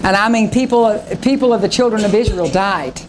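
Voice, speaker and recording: A woman's voice: medium pitch, fairly quick, background noise. A woman pastor preaching a revival sermon, fervent and dramatic, acting out the voices of scripture.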